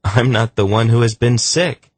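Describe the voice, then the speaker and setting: A man voicing a patient, gently stubborn young man in an audiobook, in a mild, bland tone. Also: mid-range voice, normal speed, breathy edge, no room sound, voice pushed up, natural voice. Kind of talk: audiobook character voice.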